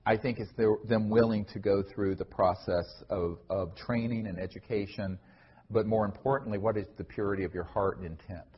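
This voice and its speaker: Responding to an audience question during a lecture, a man speaks earnestly and a little fast, his fairly low voice keeping a fairly even intonation. He talks conversationally, with many fillers and restarts. The dull, lo-fi recording carries slight background noise.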